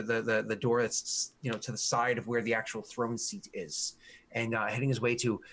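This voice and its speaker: A man's voice: mid-range voice, fairly bright tone. A man narrating a tabletop game as game master, rambling with restarts and fillers.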